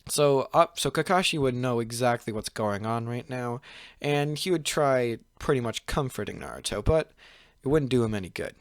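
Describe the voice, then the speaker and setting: A man's voice: medium pitch, moderate pace, no room sound. A young man hosting his channel, casually retelling a fan-fiction story in a rambling way, leaning on fillers and restarting his sentences. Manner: rambling, full of "pretty much" and "like", frequent restarts. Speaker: channel host.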